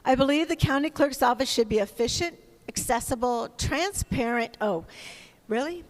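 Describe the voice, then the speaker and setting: A middle-aged woman delivers a debate statement earnestly, a little choked up at times, with hesitant ums. Her voice is a bit higher than most, and long hall reverb hangs behind each line. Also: normal speed. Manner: earnest, a bit emotional, with um fillers. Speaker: debate candidate. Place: winery event space with audience. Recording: long hall reverb on a live event mic.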